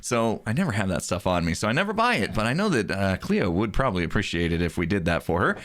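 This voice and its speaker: Lively chatty man narrating gameplay. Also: fairly low pitch, fast talker. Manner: cheerful, chatty, frequent laughs. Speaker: game commentator. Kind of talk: let's play commentary.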